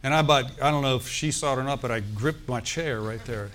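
A man pastor telling a story in a sermon, animated, with asides and quoted dialogue. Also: mid-range voice, quick pace.

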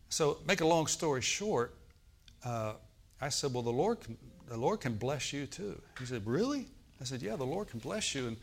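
A middle-aged male pastor delivers a sermon from the pulpit. He declares prayers with fervor, then turns to telling stories to his congregation in a plain, direct way. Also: medium pitch. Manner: fervent, declaring prayers and storytelling. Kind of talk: sermon with call-and-response prayer.

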